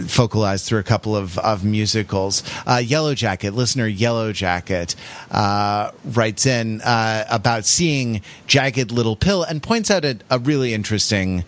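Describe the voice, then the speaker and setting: A man's voice: fairly low pitch, unhurried, fairly bright tone. A man hosting a casual podcast, reading listener comments aloud with many fillers and restarts. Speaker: podcast host.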